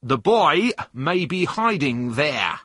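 A man's voice: fairly high pitch, very animated, takes it slowly, pushed and bright, slightly rough, no room sound, clean studio sound, voice pushed up, heavily acted. A man playing a big, red-faced policeman with a nasty voice, curt and commanding.

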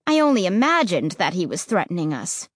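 A woman narrating a chapter book in the first person with an expressive reading style. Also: lowish voice, brisk, breathy edge, no room sound. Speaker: audiobook narrator.

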